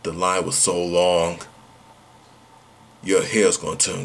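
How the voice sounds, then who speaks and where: Slow, husky-voiced man vlogging. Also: low voice, monotone. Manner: brash, slangy, repeats rhetorical questions. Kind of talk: casual vlog announcement.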